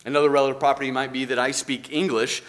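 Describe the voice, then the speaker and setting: A man's voice: medium pitch, level tone, quick pace. A man teaching a church doctrine class, earnest and explaining through examples and rhetorical questions. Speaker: Bible teacher.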